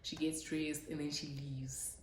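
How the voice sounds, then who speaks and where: A woman's voice: sits low, flat delivery, a little slow, slight background noise. Frank woman, echoey room. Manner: frank, dramatic storyteller. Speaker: vlogger. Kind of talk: storytime vlog.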